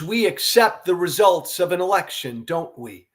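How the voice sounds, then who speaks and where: A man's voice: on the high side, lively intonation, slow pace, hardly any pauses. A middle-aged man from the United States giving earnest, emphatic commentary to camera as a show host, often repeating his key phrases.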